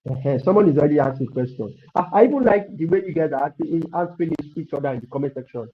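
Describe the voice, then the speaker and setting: Male coding tutor, higher voice, repeats lines, cheers students on, muffled stream audio. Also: animated, fast talker. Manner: repetitive, encouraging, thinks aloud while typing. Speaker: coding instructor. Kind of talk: live online coding lesson.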